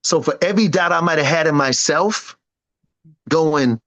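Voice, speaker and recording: Emphatic man in his fifties, higher voice. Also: fairly quick, fairly bright tone, low-quality recording. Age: 50s. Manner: emphatic, boastful, acts out quoted friends. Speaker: interview guest, singer and producer. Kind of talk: animated casual interview talk.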